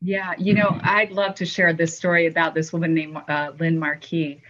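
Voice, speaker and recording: A woman's voice: on the low side, moderate pace. A woman, a guest author, telling an anecdote in an interview and acting out the quotes with animation. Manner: animated storyteller who acts out quotes. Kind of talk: storytelling in interview. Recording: dull lo-fi audio.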